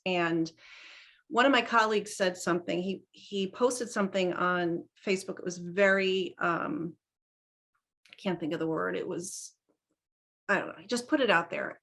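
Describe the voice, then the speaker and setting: A middle-aged woman hosting a podcast, chatting casually and telling stories in an animated way, with many restarts. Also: mid-range voice. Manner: chatty, animated storytelling with frequent laughs and restarts. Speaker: podcast host. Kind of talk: casual conversational interview.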